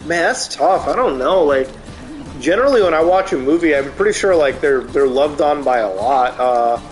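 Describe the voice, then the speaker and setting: A man's voice: on the high side, normal speed, faint music behind. A man streaming a game, chatting casually and ranting with plenty of swearing. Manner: profane, animated ranting. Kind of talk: casual chat while gaming.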